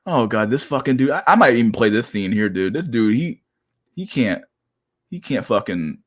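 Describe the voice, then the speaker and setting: A man with a mid-range, very animated voice hosts a casual reaction stream, talking at normal speed into a desk microphone. He swears and laughs in disbelief, coming across as profane and incredulous.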